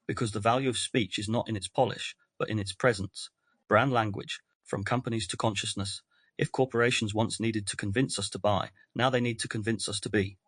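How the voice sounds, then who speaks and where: Low, measured man narrating reflectively. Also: a bit bright, breathy edge, no room sound. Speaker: podcast host. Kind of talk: scripted narration.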